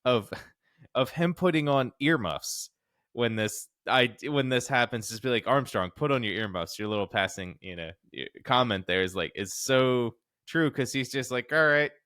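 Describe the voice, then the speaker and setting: A man's voice: medium pitch, measured pace, a bit bright, no echo, clean studio sound. A man co-hosting a casual true-crime podcast, laid-back and agreeable. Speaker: podcast co-host.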